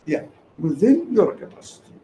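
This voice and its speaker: An emphatic man lectures a small group, asking questions of the audience and hammering key phrases through repetition. His high, mellow voice swings hugely in pitch at a moderate pace, in an echoey room with faint ambience and slight background noise.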